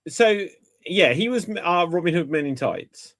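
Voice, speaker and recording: A man in casual chat on a geek podcast, telling animated stories and laughing at his own anecdotes. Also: high voice, measured pace, dry recording. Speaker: podcast host.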